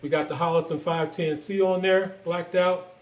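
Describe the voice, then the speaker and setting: A man casually walking through the parts of his build, relaxed and enthusiastic, with frequent fillers. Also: on the high side, normal speed, echoey room. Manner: relaxed, filler-heavy, enthusiastic about gear. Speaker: gun build reviewer. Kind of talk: casual show-and-tell walkthrough.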